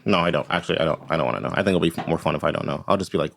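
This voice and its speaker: A man's voice: very deep voice, very fast, vocal fry, a bit bright. A man running a tabletop game as game master, rambling casually and tagging his points with "right?". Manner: rambling, tags lines with "right?".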